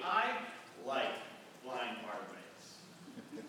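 A man's voice: extremely high pitch, expressive, slow pace, sharp tone, a little hiss or hum. A man preaching a sermon, conversational and emphatic as he retells a story. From United States. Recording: echoey room from far off, faint ambience.

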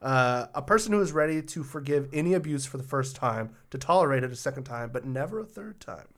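A woman's voice: extremely low pitch, lively intonation, a little fast. A woman from Ireland co-hosting a podcast in casual chat, reading out foreign words and sometimes stumbling over how they are said. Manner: playful, laughs mid-sentence. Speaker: podcast co-host.

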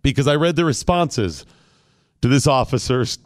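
A man's voice: medium pitch, lively intonation, normal speed. A man hosting a talk radio show, chatting casually in a mock-solemn, theatrical way that builds to bursts.

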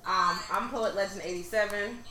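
A woman's voice: medium pitch, normal speed, sharp tone, echoey room, a little hiss or hum, rough recording. A woman co-hosting a casual podcast, playful and joking. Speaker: podcast co-host.

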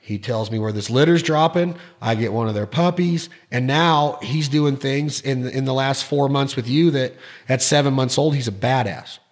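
A man's voice: mid-range voice, normal speed. A man hosting a casual interview podcast, talking with enthusiasm in long, rambling sentences and often repeating his words. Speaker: podcast host.

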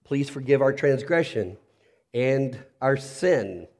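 A pastor preaches an earnest, reflective sermon, dropping to a soft, intimate tone when he speaks directly to listeners. His mid-range voice is animated but unhurried.

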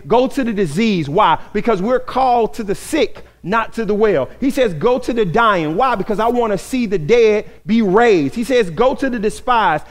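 A man preaching a sermon as pastor, earnest and repeating phrases for emphasis. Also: high voice. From grew up in an inner-city neighborhood.

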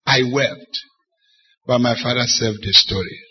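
Husky-voiced preaching bishop, dramatic storyteller. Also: male voice, mid-range voice, a little slow. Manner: dramatic storytelling, acts out dialogue. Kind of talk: sermon with personal testimony. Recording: dull lo-fi sermon recording.

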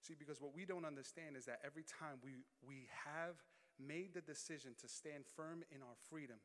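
Male pastor, high bright voice, animated sermon delivery in a church hall with long reverb. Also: brisk. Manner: animated storytelling, swings from low and quiet to loud and shouting.

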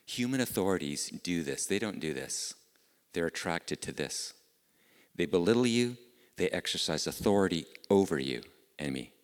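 Middle-aged man, pastor, earnest sermon, deep voice, reverberant church hall. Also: expressive, normal speed, smooth. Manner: earnest, conversational preaching with repeated rhetorical questions.

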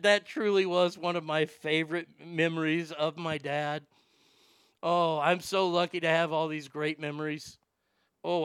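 A man tells a profane, animated story in a casual tone, laughing now and then. His voice sits a little high, with a gravelly fry and a bright, sharp edge, and it sounds dry and close to the mic. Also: no room sound.

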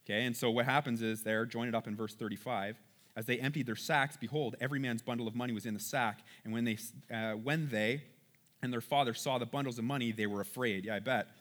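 A man's voice: mid-range voice, fairly even intonation, fast, a bit bright. A man teaching from the Bible in a conversational way. He reads passages aloud, then comments on them casually and often checks in with his listeners.

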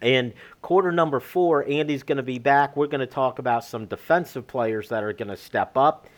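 A man's voice: medium pitch, normal speed. A man hosting a sports talk show, chatting casually and thinking aloud.

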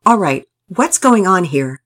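A woman voicing a patient but firm father in a storybook, speaking calmly and steadily. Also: lowish voice, unhurried, exaggerated voice.

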